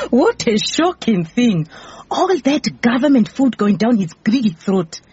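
An actress playing a sharp-tongued, teasing assistant detective. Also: female voice, a little high, sing-song, measured pace, breathy edge, no room sound, heavily acted. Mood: tart. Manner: tart, teasing. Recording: muffled with faint hiss.

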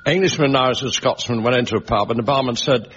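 A man on a comedy panel telling old jokes in a plain, deadpan delivery. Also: medium pitch, fast, highs cut off, slight background noise. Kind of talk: joke telling.

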